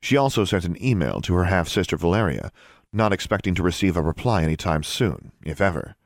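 A male narrator reads a story in a steady, measured way. His voice sits very low. The sound is dry and close to the mic. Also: no echo. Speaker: audiobook narrator. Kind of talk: scripted narration.

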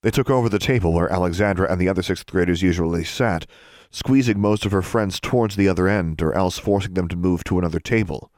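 A man narrating a children's fantasy book aloud, expressive and switching into character voices. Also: low-pitched, quick pace, no room sound, studio quality. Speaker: audiobook narrator. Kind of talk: storybook narration.

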